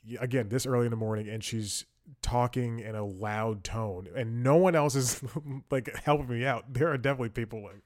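A man's voice: mid-range voice, fast, dry recording, studio quality. A young man telling a work story in a casual podcast monologue, rambling with fillers, restarts and wry laughs. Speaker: podcast host.

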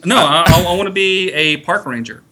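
A man who is a comedian guest on a podcast, joking in a deadpan, self-mocking way. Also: high voice, normal speed. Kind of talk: casual comedy podcast chat.

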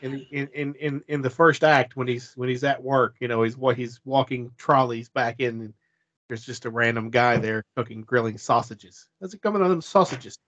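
A man's voice: mid-range voice, little pitch movement, normal speed, fairly bright tone, lo-fi sound. A man co-hosting a casual movie chat, throwing out goofy, playful riffs. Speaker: podcast co-host.

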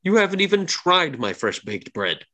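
A man's voice: fairly high pitch, very animated, moderate pace, bright, forceful tone, pitched above the performer's own voice. A man voicing a proud, boastful half-elf man in a tabletop game.

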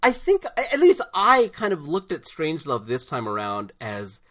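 A man co-hosting a podcast in casual chat, animated and giggly as he retells comedy. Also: on the high side, normal speed. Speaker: podcast co-host. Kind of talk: casual chat about films.

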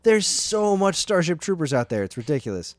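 A man's voice: a little high, fairly quick, dry recording. A male podcast host in easy conversation who reads headlines aloud with plenty of "uh"s between phrases. His voice rises and falls a lot. The sound is close and dry, with no room around it. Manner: relaxed, with frequent "uh" fillers while reading headlines. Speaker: podcast host reading news items. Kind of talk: casual chat.

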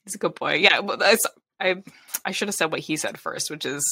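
A woman's voice: sits low, gravelly, pushed and bright, a little hiss or hum. A woman hosting a podcast, chatting casually in a playful, joking way. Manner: playful, quick to laugh and joke. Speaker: podcast host. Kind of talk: casual chat.

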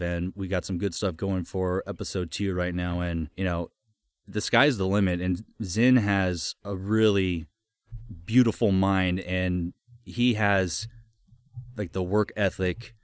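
Upbeat low-voiced young man, dry close mic. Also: clean tone, no room sound. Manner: upbeat, laughs easily, stumbles and repeats words. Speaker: guest voice actor. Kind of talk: casual podcast chat.

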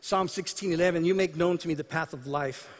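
A male pastor with a notably high voice preaches a sermon as if telling stories to friends, slipping into the voices of the people he describes. His voice rings out with a long reverb, as in a large hall. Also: a little fast. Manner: conversational storytelling preaching, acting out dialogue.

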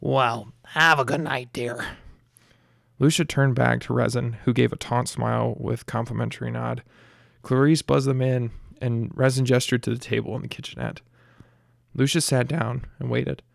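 A man reads a story aloud in a steady, plain way. His voice is heavily gravelly with lots of fry, and the recording is dry and close. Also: mid-range voice, normal speed, dry recording. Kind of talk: audiobook narration.

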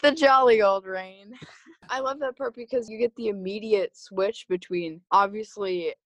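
A woman's voice: mid-range voice, measured pace, dry recording. Woman, podcast co-host, casual frank chat, dry close sound. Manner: frank and offhand, with casual swearing.

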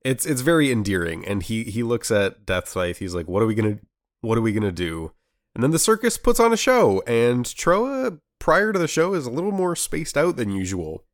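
A man's voice: medium pitch, big pitch swings, normal speed, hardly any pauses, dry recording, clean studio sound. A young man recapping an anime episode in casual chat, rambling with fillers and restarts. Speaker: podcast co-host.

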